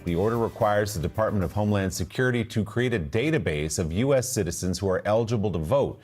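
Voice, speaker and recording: A man reading a political news report in an even, measured delivery. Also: on the low side. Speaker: news reader.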